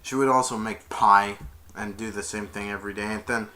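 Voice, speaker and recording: Bright-voiced man rambling through a plot. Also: fairly low pitch, steady tone, fairly quick. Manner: rambling, strings events with "and then". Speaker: film reviewer. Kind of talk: casual plot retelling.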